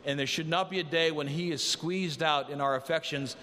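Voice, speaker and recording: A man delivers a sermon in an earnest, conversational way, slipping into lively voices for the lines he quotes. His voice sits a little high for a man. The sound carries a long reverb, as in a large hall. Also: brisk. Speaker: pastor.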